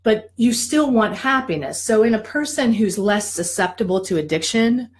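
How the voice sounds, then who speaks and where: A woman addiction coach teaching in a casual, animated way, acting out voices and checking in with her listeners. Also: a little high, moderate pace, low-quality recording. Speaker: addiction professional and life coach.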